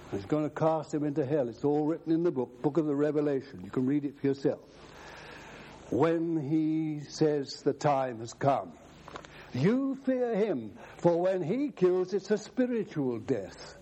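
Animated preacher man, slow and lively. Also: a little high, a little hiss or hum. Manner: emphatic, quotes scripture at length. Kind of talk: sermon.

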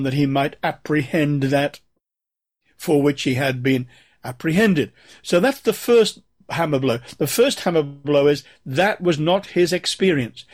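A man preaching a sermon, explaining scripture and reading passages aloud in a measured, emphatic way. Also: fairly high pitch.

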